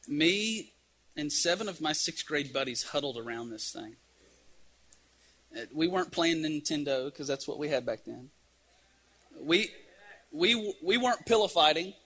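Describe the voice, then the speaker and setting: Animated preacher, bright husky voice. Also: male voice, on the high side. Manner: animated storyteller, acts out scenes. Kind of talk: storytelling sermon.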